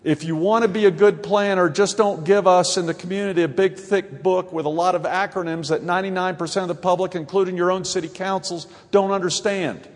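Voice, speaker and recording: Folksy Southern-accented man in a hall. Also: high voice. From grew up in Ohio and North Carolina. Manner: folksy, joking, gets louder and more emphatic. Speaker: mayor giving a speech. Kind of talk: conference speech. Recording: long hall reverb.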